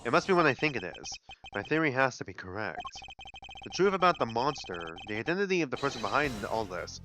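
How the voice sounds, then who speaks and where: A man voicing a cool, analytical male prosecutor, speaking in a measured, deliberate, lowered voice. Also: very animated, over music, natural voice. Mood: composed. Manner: measured, deliberate, low and serious.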